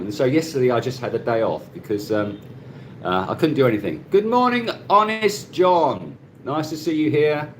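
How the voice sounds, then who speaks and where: A mid-range, darkish voice comes from a middle-aged man hosting a laid-back live stream on his phone in Cebu, Philippines, with slight background noise. He chats, laughs a lot, and greets viewers by name.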